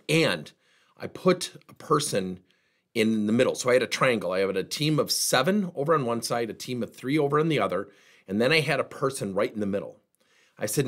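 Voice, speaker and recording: A middle-aged man gives a motivational training talk to employees in a husky voice. His pitch rises and falls widely as he acts out the people in his stories. He delivers it as an energetic workplace speaker. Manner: animated storyteller, plays out dialogue.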